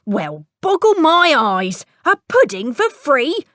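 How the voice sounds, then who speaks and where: A woman doing a loud, drawling hungry tinker. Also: high voice, big pitch swings, slow, dry recording, studio quality, pitched above the performer's own voice, full character voice. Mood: exclaiming. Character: hungry, greedy old tinker man.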